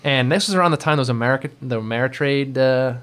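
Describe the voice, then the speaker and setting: Rambling, animated male storyteller. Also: medium pitch, quick pace, clear, resonant tone. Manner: rambling, animated storyteller who acts out quoted people. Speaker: podcast guest telling stories. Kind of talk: casual anecdotal chat.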